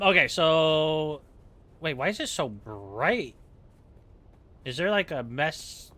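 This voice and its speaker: A male game streamer with a bright, fairly high voice that carries a keen, forward edge. He chats loosely and jokes at his own expense, wandering from one aside to the next. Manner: joking, rambling, self-mocking. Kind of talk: casual chat while playing.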